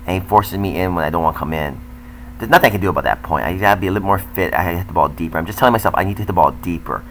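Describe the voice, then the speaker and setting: A man's voice: deep voice, a bit bright, slight background noise, rough recording. An older man, a tennis coach, talking candidly and self-critically as he comments over footage of his own match.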